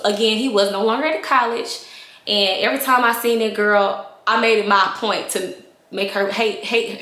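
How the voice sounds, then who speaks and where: Animated young woman telling a storytime. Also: fairly high pitch, echoey room. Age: young adult. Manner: animated, reenacting scenes with voices and gestures; chatty and candid, addressing viewers directly. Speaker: vlogger. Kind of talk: casual storytime vlog.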